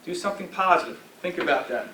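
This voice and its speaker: A man in his forties, a guest speaker, gives a football team a motivational talk in a team meeting room, his fairly high voice animated, fast and sharp. He coaches them, often checking in with "all right?". The mic sits at a distance, catching a roomy echo, faint ambience and slight background noise.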